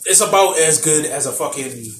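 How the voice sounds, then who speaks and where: A man's voice: fairly high pitch, lively intonation, normal speed, a bit bright. Profane young man rambling in a roomy space. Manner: rambling, profane, laughs while retelling. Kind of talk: casual chat. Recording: echoey room, far from mic, faint noise.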